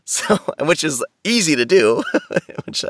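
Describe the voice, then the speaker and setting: A man's voice: on the high side, big pitch swings, slow pace, no room sound, studio quality. A man talking casually as a podcast guest, rambling with many restarts and fillers over a video call. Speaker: audiobook narrator, podcast guest.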